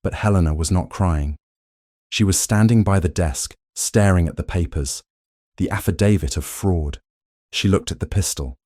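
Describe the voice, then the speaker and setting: A man narrating a romance story in a measured, dramatic way. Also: low voice, mellow, no echo, studio quality. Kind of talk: scripted romance audiobook narration.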